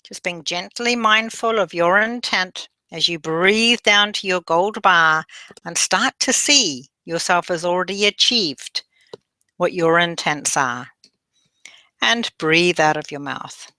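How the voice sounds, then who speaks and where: Slow, gentle woman guiding a meditation. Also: fairly low pitch, no room sound. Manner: slow, gentle instructions with repeat-after-me affirmations. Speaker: meditation guide. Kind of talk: guided meditation.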